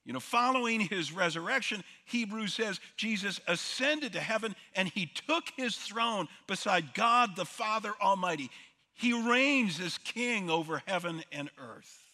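A man's voice: high voice, animated, a little slow, sharp tone. A male pastor preaching an earnest sermon, quoting scripture as he teaches. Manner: earnest preaching, quotes scripture and movie lines. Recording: long reverb of a hall.

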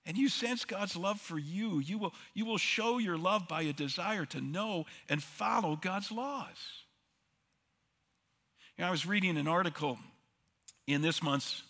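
A pastor delivering a sermon in a slightly high, sharp, forceful voice. He presses his points with rhetorical questions and repeated words. A long reverb trails each phrase, as in a large church hall. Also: gravelly.

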